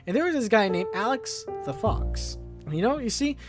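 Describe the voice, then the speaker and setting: A man's voice: lively intonation, normal speed, music in the background. A man hosting his own podcast, rambling casually with many hesitations. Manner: rambling, hesitant, low-key. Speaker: podcast host.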